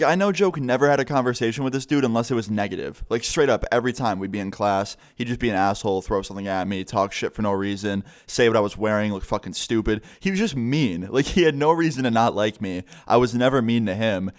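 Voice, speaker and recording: A man's voice: lowish voice, lively intonation, quick pace, few pauses. A young man telling a story in a casual, rambling way, swearing a lot. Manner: profane, rambling, full of fillers. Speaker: vlogger.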